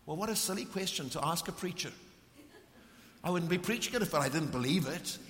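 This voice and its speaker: A middle-aged man preaches with fervent conviction, his voice sitting fairly high for a man. He swings between ringing emphasis and hushed, intense moments. The sound carries a long reverb from a large church hall. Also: expressive, fairly quick. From South Africa. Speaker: visiting preacher. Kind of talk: sermon with storytelling.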